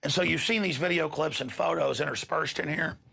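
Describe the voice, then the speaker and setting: A man's voice: fairly high pitch, fairly quick, creaky, sharp tone, slightly rough. A middle-aged man, hosting a show and delivering an impassioned, emphatic rant to his listeners. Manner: ranting, emphatic, repeats words when worked up. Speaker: radio show host.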